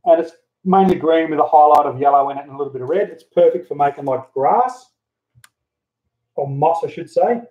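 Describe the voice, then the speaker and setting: A man's voice: on the high side, brisk. Chatty man on dull camera audio. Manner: relaxed, chatty, mildly profane, talks while working. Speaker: hobby model builder, channel host. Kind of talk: casual how-to crafting chat. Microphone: handheld camera mic.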